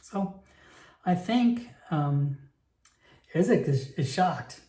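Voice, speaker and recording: A man's voice: on the high side, animated, very slow, dark tone. A man playing a solo tabletop game and narrating it in a rambling, chatty way, full of fillers and restarts, recorded in an echoey room.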